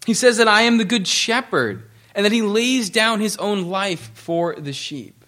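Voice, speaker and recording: Earnest higher-voiced male preacher. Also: a bit bright. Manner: earnest preaching with restarts, reading scripture aloud. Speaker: pastor. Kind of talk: sermon.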